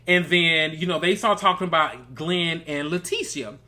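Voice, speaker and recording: A man's voice: a little high, moderate pace. Sassy man dishing gossip. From Mississippi. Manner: animated, gossipy, sassy, calls listeners baby and girl. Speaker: reality TV recap host. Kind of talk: casual review commentary.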